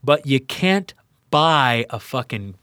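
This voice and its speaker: A man's voice: mid-range voice, slow, clear, resonant tone, dry recording. Profane storytelling man, dry sound. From Louisiana, USA. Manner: profane, animated, quotes people in voices. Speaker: podcast guest. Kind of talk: casual storytelling.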